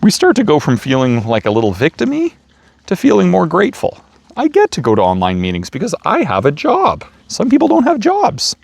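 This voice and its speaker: A man giving a casual motivational talk, gentle and playful, chuckling as he stresses words. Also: medium pitch, creaky, no room sound. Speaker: self-help speaker. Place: outdoors feeding raccoons.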